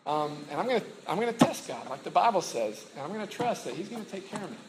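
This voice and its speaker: A man's voice: sits high, big pitch swings, fast talker, very noisy. Conversational male preacher in an echoey room. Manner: casual, conversational preaching with many fillers and restarts. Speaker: campus ministry pastor. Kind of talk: sermon.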